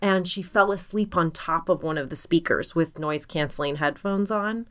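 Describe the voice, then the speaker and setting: A woman's voice: lowish voice, moderate pace. A woman in her thirties, co-hosting a podcast, telling a story in a dry, self-deprecating way. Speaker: podcast co-host. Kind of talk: casual chat.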